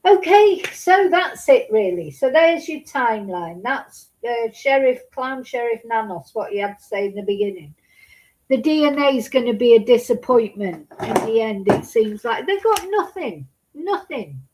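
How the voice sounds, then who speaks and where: A woman's voice: fairly high pitch, sing-song, normal speed, noisy background. A woman gives casual true crime commentary, indignant and sarcastic, scolding as she talks.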